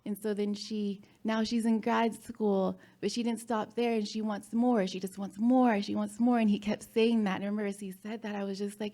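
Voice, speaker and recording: A woman telling a personal story on stage in a hall before a live audience. She speaks haltingly, with pauses and nervous laughs. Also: medium pitch, fairly even intonation, dark tone.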